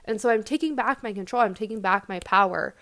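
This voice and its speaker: A young woman hosting a self-help talk, speaking in a reflective, gentle, conversational way with casual "like" fillers. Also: mid-range voice, fast. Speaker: podcast host and coach.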